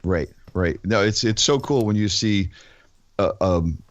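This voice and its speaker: A man co-hosting a music podcast, chatting in a relaxed, agreeable way. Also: fairly low pitch, a little slow, no echo. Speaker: podcast co-host. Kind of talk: casual chat.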